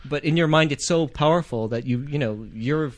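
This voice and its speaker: A man's voice: a little high, normal speed, no room sound. Rambling man producer on a dry mic. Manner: rambling, repeats words while searching for them. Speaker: film producer and guest. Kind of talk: casual interview chat.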